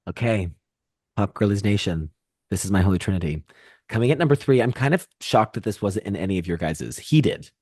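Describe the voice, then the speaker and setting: Low-voiced playful young man. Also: expressive, fairly quick, a little mellow, no echo, studio quality. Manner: playful, theatrical, sudden high jumps for emphasis. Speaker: podcast co-host. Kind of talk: casual chat.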